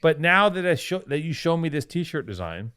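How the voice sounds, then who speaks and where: A man co-hosting a casual podcast, swearing freely, laughing often, and getting excited between ad reads. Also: a little high, moderate pace, very noisy. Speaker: podcast co-host. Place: hotel room.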